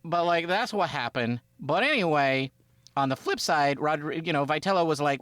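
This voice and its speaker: A man co-hosting a sports podcast with his brother, talking in a rambling, animated way and often acting out quotes. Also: a little high, brisk, no echo. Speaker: podcast co-host. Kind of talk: casual sports chat.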